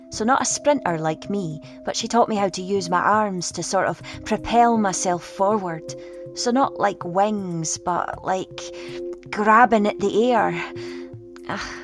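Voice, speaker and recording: Woman narrating slowly over music. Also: mid-range voice. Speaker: audiobook reader. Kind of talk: first-person storybook narration. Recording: read over clear music.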